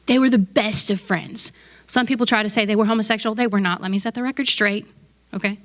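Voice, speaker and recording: A woman's voice: medium pitch, quick pace, a bit bright. Chatty, emphatic woman preaching. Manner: conversational and emphatic, with asides to the audience. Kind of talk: casual sermon.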